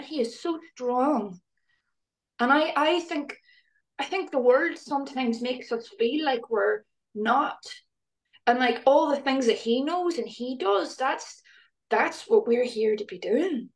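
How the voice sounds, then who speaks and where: Woman, higher-pitched, animated, chatty, casual conversation, quick laughs. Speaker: guest.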